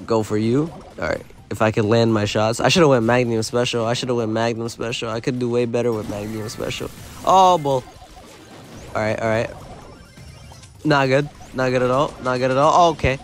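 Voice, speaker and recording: A man giving live gameplay commentary, excitable and self-mocking, often yelling in bursts, his voice going hoarse. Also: mid-range voice. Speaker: gaming YouTuber.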